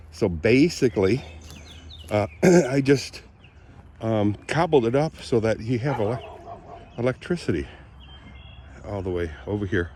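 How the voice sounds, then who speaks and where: A man with a lingering cold giving a rambling, chatty outdoor walk-and-talk vlog on his farm, often clearing his throat and coughing. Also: lowish voice, animated, slow, pauses often, dark tone, slight background noise. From Southwest Michigan. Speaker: vlogger.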